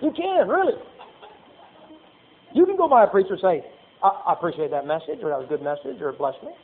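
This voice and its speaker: A man preaches a homespun sermon, reading verses aloud and slipping into playful asides. His voice sits high for a man. The recording is narrow and tinny, like a phone line. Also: animated, quick pace, a little hiss or hum. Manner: folksy preaching with Bible readings and acted asides.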